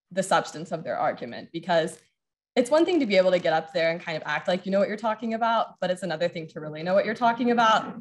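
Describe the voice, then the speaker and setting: A law student in her twenties giving an earnest, grateful prepared speech at a ceremony. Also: on the low side. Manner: earnest, grateful, briefly choked up.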